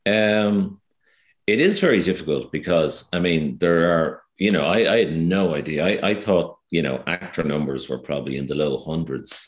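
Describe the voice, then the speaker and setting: An Irish man with an extremely deep voice chats in an interview. He hedges and restarts often. The room around him rings with echo. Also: normal speed. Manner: hesitant, many fillers and restarts. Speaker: guest actor. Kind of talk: casual interview chat.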